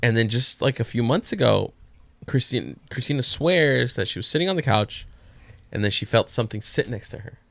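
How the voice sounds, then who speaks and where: A man's voice: mid-range voice, animated, a little fast, vocal fry, fairly bright tone, dry recording. A man co-hosting a podcast, telling a casual story with laid-back swearing.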